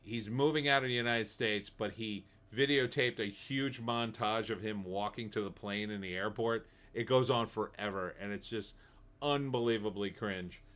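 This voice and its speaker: A middle-aged man with a medium-pitched, slightly bright voice hosts a live stream, reading chat messages and making fun of them. He is sarcastic, laughs frequently and uses mocking put-on voices in casual commentary.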